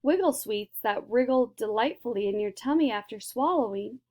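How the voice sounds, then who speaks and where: A woman reading a children's book aloud in a lively storytelling manner. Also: on the high side, normal speed. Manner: lively, switches into character voices. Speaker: reader.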